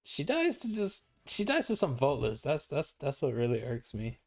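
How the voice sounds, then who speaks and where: A young man with a gravelly voice, chatting casually and slangily as a gaming host reviewing footage. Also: a little high, huge pitch swings, normal speed. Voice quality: gravelly, like a chain smoker. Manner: laid-back, slangy. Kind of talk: casual chat while reviewing gameplay footage.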